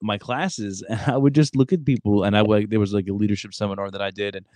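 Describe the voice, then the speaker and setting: A young man with a lowish voice hosts a casual podcast chat, blunt and quick, full of "like" and "you know". The sound is dry and close. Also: steady tone, darkish tone, dry recording. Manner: blunt, talks fast with many fillers and acted quotes. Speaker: podcast host, former Marine recruiter.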